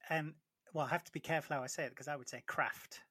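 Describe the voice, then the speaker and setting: A man hosting a casual interview, asking curious questions and gently prompting his guest. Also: fairly high pitch, steady tone, rapid-fire, breathy edge, no echo, clean studio sound.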